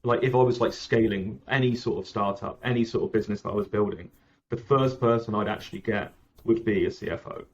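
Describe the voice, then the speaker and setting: A man's voice: on the low side, brisk, dull audio, a little hiss or hum. A man talking casually as a founder in an interview, rambling and correcting himself often. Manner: rambling, self-correcting, frequent "like" and "um". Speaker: app founder, guest.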